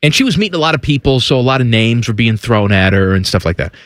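A man's voice: medium pitch, quick pace, fairly bright tone, no room sound, studio quality. A man co-hosting a radio show, chatting in a playful, joking way. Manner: playful, jokey, slips into silly impressions. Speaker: radio co-host; father. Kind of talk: casual radio banter.

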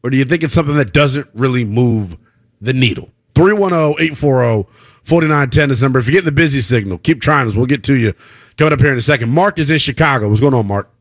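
A man hosting a sports call-in radio show, talking in animated, lively bursts and breaking into loud laughter. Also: medium pitch, quick pace, no room sound, clean studio sound.

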